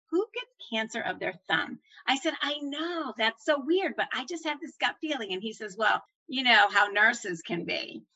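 A middle-aged woman tells her own story. Her voice is bright and clear, and she acts out every doctor and nurse in it, her pitch leaping up and dropping low as she plays each part. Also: low-quality recording. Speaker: former nurse manager telling her story. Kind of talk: personal storytelling.

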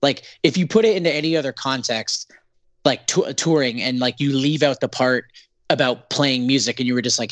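A man's voice: mid-range voice, a little fast, no room sound. Man from Canada, singer, sarcastic, swears a lot, many fillers, dry close sound. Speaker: band singer, guest. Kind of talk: casual podcast interview.

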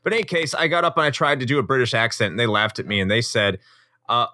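A man's voice: mid-range voice, animated, fast, bright, forceful tone, no room sound, studio quality. A man co-hosting a casual podcast, telling rambling, playful stories. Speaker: podcast co-host.

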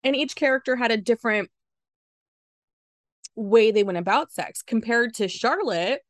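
A woman's voice: a little high, moderate pace, no echo. A woman hosting a podcast, chatting casually and bluntly into a studio microphone. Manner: blunt and candid, swears freely. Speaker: podcast host. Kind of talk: casual chat.

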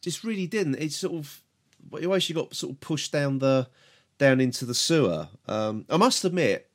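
A man's voice: on the high side, lively intonation, moderate pace. A British man co-hosting a podcast, casually reviewing an episode, hesitant and full of repeated words and grumbles. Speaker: podcast co-host.

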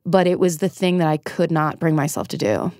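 A woman's voice: low-pitched, fairly even intonation, brisk, mellow, no echo, studio quality. A middle-aged woman guest, a comedian and TV writer from Northern California, telling a personal story frankly and emotionally, swearing now and then. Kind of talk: candid conversational storytelling.

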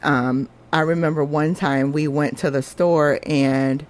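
A woman's voice: deep voice, steady tone, unhurried. A woman, hosting a podcast and telling a personal story in an earnest, confessional, chatty way. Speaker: podcast host.

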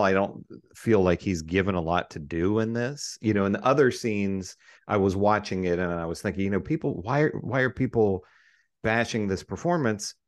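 Low-voiced man, easygoing film chat. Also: no echo, studio quality. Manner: easygoing, thinks aloud with hedges. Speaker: film podcast co-host. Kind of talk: casual film review chat.

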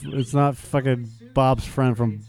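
A man's voice: medium pitch, steady tone, takes it slowly, gravelly, a little mellow. A man co-hosting casual video game commentary with dry, corrective banter. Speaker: let's play co-host.

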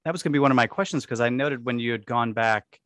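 A man's voice: medium pitch, fast, fairly bright tone, no room sound, studio quality. A man hosting an interview, asking long wandering questions full of you know and sort of. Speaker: podcast host. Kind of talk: casual conversational interview.

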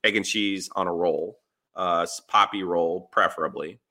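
A man's voice: deep voice, fairly even intonation, moderate pace, sharp tone. A man from New Jersey co-hosting a sports podcast, explaining things in a wry, chatty way. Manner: explanatory, wry, acts out quoted reactions. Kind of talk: casual sports chat.

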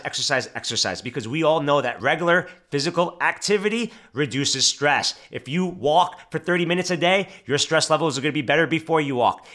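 A man's voice: fairly high pitch, bright, forceful tone. A man hosting a motivational podcast, talking straight to the listener and repeating phrases for emphasis. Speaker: podcast host.

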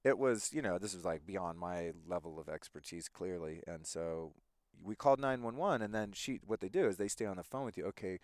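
A man with a fairly low voice tells a story in loose, animated chat, cursing often and acting out what people said. The sound is dry and close, with no room echo. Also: a little fast. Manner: animated, swears freely, acts out quoted voices. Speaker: podcast guest.

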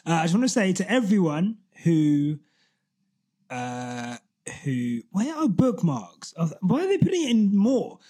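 A man co-hosting a sports podcast in casual chat, animated, laughing often and restarting his sentences. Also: high-pitched, measured pace. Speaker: podcast co-host.

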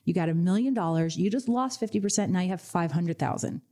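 A woman financial advisor hosting a radio finance show, telling lively client stories and acting out their reactions. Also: lowish voice, fast talker. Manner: energetic storyteller, acts out client voices.

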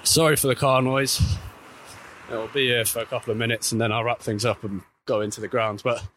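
A man's voice: a little fast, slight background noise. A man reporting on football while walking outdoors, chatting casually and correcting himself as he goes. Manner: chatty, self-correcting, lively pitch swings. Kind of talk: walking vlog commentary. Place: outdoors by a street.

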